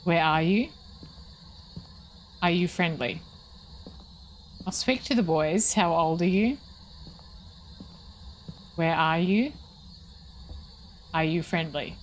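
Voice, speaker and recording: A woman's voice: fairly low pitch, expressive, slow pace, long pauses, slight background noise. A woman streaming a ghost-hunting game, thinking aloud and questioning the ghost. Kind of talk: live gameplay commentary.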